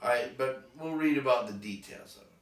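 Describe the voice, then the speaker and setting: A man's voice: mid-range voice, brisk, far from the mic. A man with a Boston accent, a teacher, reading a textbook chapter aloud and dropping in wry, sardonic asides. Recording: echoey room, voice off-mic.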